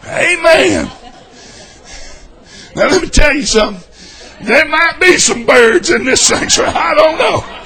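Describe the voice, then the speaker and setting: A man with a Southern US accent preaching a sermon as a pastor, exuberant and shouting, breaking into high whoops and laughter. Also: expressive, measured pace, long pauses. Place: church sanctuary.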